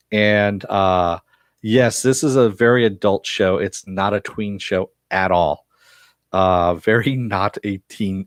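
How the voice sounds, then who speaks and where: A man with a lowish voice talks through a TV episode in a relaxed, rambling recap, with lots of "uh" fillers and a bit of swearing. The sound is close and dry, with no room around it. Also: no echo. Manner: chatty, loose retelling with frequent uh fillers and mild profanity. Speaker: TV series reviewer.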